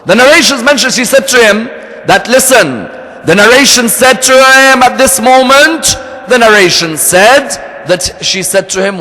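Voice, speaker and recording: A man's voice: very high-pitched, animated, moderate pace, pushed and bright. A man preaching a sermon and telling a story, earnest and fond of rhetorical questions to his audience. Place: hall of a religious center. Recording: echoey hall.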